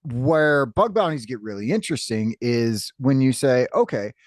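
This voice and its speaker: A man as a podcast guest, explaining in a lively, conversational way. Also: mid-range voice, moderate pace, dry recording, clean studio sound. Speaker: cybersecurity guest. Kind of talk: casual interview chat.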